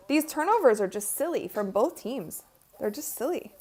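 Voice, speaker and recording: A woman's voice: fairly high pitch, sing-song, normal speed, warm tone. A woman hosting a live-streamed basketball watch party, chatting casually and giggling as she comments and talks to her viewers.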